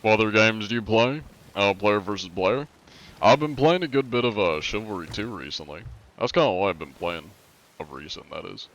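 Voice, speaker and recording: A man's voice: fairly low pitch, animated, moderate pace, fairly bright tone, highs cut off. A man from the United States chatting casually on a live game stream, joking as he answers chat questions.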